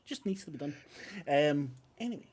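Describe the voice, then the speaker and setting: A man's voice: a little high, animated, normal speed, a little mellow. A man narrating a tabletop game as game master, rambling with many ums and self-corrections.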